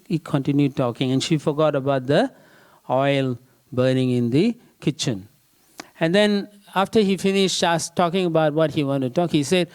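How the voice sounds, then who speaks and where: A man's voice: medium pitch, darkish tone, clean tone. A man giving a scripture class in a temple, telling an anecdote with frequent fillers and tag questions. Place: temple hall.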